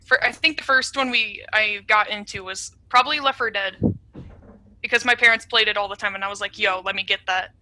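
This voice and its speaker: Giggly young woman, bright voice. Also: mid-range voice, fairly quick, slight background noise. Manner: giggly, animated storyteller. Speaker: interview guest. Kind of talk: casual chat over video call. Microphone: video call.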